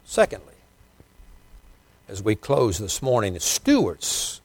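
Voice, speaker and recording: A middle-aged man preaching a sermon as pastor, swinging between loud emphasis and quiet asides. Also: lowish voice, wildly swooping pitch, slow pace, no room sound.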